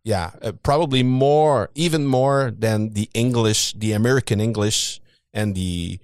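A man with a Quebec French accent hosting a podcast interview in an enthusiastic, quick, friendly way. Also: lowish voice, darkish tone, clean tone, no room sound, studio quality. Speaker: podcast host. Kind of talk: casual interview chat.

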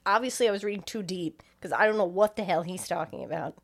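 A woman's voice: fairly low pitch, quick pace, creaky. A woman co-hosting a podcast, reacting bluntly and sarcastically to the story and swearing freely. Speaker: podcast co-host. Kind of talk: casual chat.

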